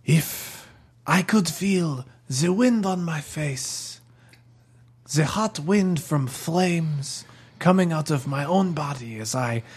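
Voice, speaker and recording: A man's voice: fairly high pitch, breathy edge, full character voice. A man playing a grandiose French-accented talking bomb. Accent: French (put on). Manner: theatrical, declaiming, laughing.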